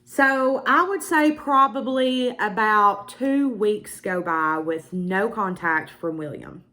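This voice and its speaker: A young Southern US woman, a beauty vlogger, tells her viewers a personal story with emphatic asides in a casual, to-camera way. Her voice sits in the mid range, and she speaks slowly with a bright, forceful tone.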